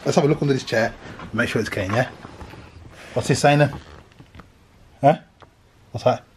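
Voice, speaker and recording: A man's voice: medium pitch, moderate pace, darkish tone, breathy edge. A British man vlogging with his family, teasing and joking on a handheld camera. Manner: teasing, jokey, bantering. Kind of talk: casual family vlog.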